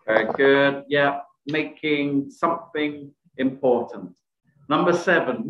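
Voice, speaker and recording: Teaching presentation skills on a video call, a man quizzes his participants and compliments their answers. He speaks unhurriedly in a mid-range voice, and the call's microphone sounds echoey and dull.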